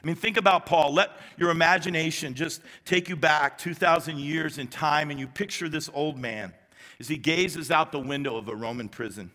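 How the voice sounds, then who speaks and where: A male pastor delivers a sermon in a large church sanctuary, his voice bright and forceful and pitched a little high. He talks to the congregation in a conversational way, leaning on emphatic repetition, with a light touch of humor. A long reverb trails every phrase. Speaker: executive pastor.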